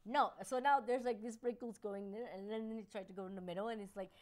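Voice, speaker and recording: A chatty woman with a voice that sits in the middle of her range. She tells animated stories on a casual podcast, often laughing and slipping into quick voices for the people and pets in them. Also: mid-range voice. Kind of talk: casual chat.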